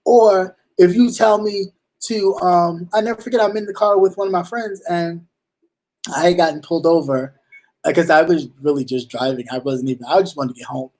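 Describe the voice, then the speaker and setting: A man hosting a talk show in casual commentary, slangy and animated, acting out little exchanges, with halting restarts. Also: sits high. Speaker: show host.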